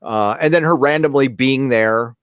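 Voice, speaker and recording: A man's voice: medium pitch, moderate pace, smooth, no room sound, clean studio sound. A man co-hosting a casual live-stream chat, rambling with hesitations and blunt, profane opinions. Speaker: co-host.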